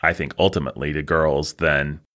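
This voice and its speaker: A man's voice: rumbling low, little pitch movement, fairly quick, a bit bright. A man co-hosting a podcast, giving thoughtful, opinionated takes in casual film talk. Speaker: podcast co-host. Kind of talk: casual film review chat.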